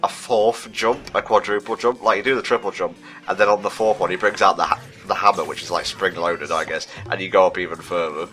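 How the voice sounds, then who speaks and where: A man's voice: deep voice, fairly even intonation, fairly quick, few pauses, a bit bright. A man doing casual, jokey co-commentary on a video game playthrough. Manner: chatty, jokey, light banter. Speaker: let's play co-commentator. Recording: game music underneath.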